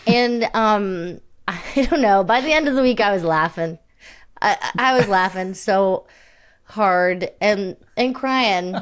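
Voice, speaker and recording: A woman's voice: mid-range voice, lively intonation, takes it slowly. A young woman co-hosting a podcast, chatting casually in a rambling, self-deprecating way and laughing often. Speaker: podcast co-host. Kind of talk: casual chat.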